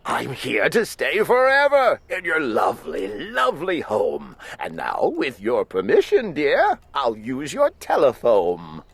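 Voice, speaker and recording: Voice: medium pitch, huge pitch swings, a little slow, hardly any pauses, slightly rough, no room sound, pitched below the performer's own voice, heavily acted. Reader voicing a smug chatty glunk creature. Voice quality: sweet-talking and cheery. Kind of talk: storybook reading.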